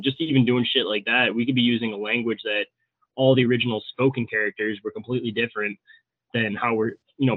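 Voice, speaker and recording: Male US host, quick and profane, heard over a thin call line with no room sound. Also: lowish voice, dry recording. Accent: American. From USA. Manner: fast, loose and heavily profane. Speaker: podcast host. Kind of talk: casual podcast chat. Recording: tinny phone-like call audio.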